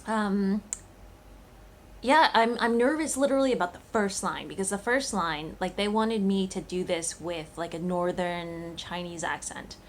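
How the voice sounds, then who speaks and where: A woman chats straight to camera in a loose vlog style, circling back on her thoughts with frequent fillers and false starts. Her pitch sits in an ordinary middle range, with a faint hiss of background noise beneath. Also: a little slow. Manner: chatty, thinking aloud with many fillers and restarts. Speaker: cooking channel host. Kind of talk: casual vlog chat.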